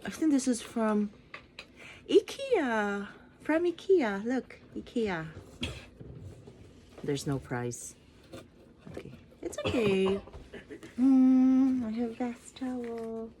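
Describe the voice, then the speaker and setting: A woman's voice: on the high side, sing-song, slow pace, pauses often, mellow, slight background noise. A Filipino woman vlogger chatting casually as she unboxes gifts at home, giggling and playful. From Philippines. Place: home in Japan.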